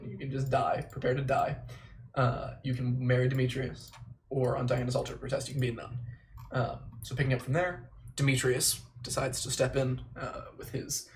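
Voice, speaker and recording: A man chatting casually on a livestream, self-deprecating and dropping the odd mild swear word. His voice sits in an ordinary middle pitch. Faint background noise and mouse clicks can be heard behind him. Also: vocal fry. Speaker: livestreamer memorizing a play.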